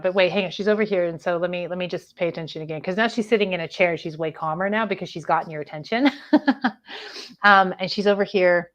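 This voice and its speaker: A woman psychic medium giving a live online spiritual reading, speaking gently and hesitantly, with many fillers and restarts. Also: on the low side.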